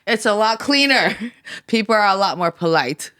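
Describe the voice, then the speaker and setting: A woman's voice: mid-range voice, animated, moderate pace, a bit bright. A woman, a guest chatting casually on a podcast in a laid-back, slangy way. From United States. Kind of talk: casual chat. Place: podcast studio.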